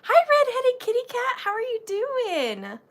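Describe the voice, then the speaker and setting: A woman's voice: extremely high pitch, huge pitch swings, measured pace. A woman with a Southern US accent hosting a livestream, chatting sweetly with viewers and greeting them by name. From Georgia, US. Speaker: livestream host.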